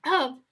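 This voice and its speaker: A woman's voice: high-pitched, fairly bright tone. A woman who founded the student club, hosting an online ceremony over a video call, emotional and gushing.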